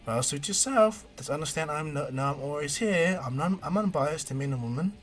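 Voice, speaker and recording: A man's voice: fairly high pitch, expressive, brisk, natural voice. Karin, a pushy young ninja woman, put on by a man.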